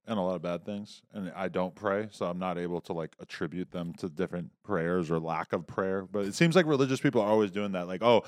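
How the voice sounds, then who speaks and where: A man with a very low voice, recorded close and dry with no room sound. He hosts a casual podcast chat and pushes back with dry, skeptical questions. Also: fairly quick, hardly any pauses, no room sound.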